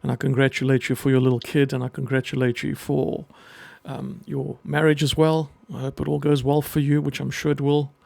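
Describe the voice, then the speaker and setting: A middle-aged man speaking earnestly and emotionally in a personal message to camera, pausing often as he talks. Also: mid-range voice, level tone, creaky, a little mellow, no echo. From half Greek. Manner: earnest, halting, emotional, with pauses. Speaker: vlogger and children's book writer.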